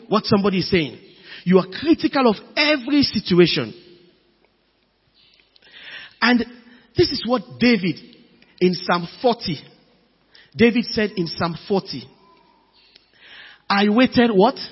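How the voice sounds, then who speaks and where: A man preaching a sermon in an emphatic, animated way, with sudden loud bursts. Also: sits high, moderate pace, pauses often, breathy edge. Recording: dull lo-fi audio with long hall reverb.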